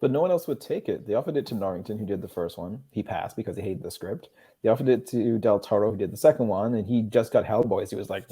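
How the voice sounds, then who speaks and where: A man reviewing a film in a casual chat, blunt and animated in his telling. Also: on the low side, fast, slightly rough.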